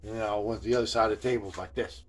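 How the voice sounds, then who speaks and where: A man's voice: lowish voice, fairly even intonation, quick pace. A man hosting a casual video journal. He rambles in a laid-back, storytelling way, with slang, swearing and constant "man" and "you know what I'm saying.". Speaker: video host.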